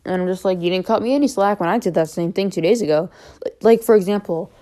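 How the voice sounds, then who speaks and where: A woman's voice: on the low side, a little mellow. A young woman talking to camera about personal matters, rambling, unscripted and candid, with frequent fillers. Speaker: vlogger.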